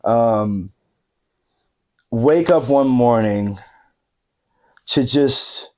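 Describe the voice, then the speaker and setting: Speaking very slowly in a medium-pitched, slightly dark voice, this thirty-something man is a podcast guest sharing a humorous story. The casual conversation, recorded in a living room, is full of laughter and filler words.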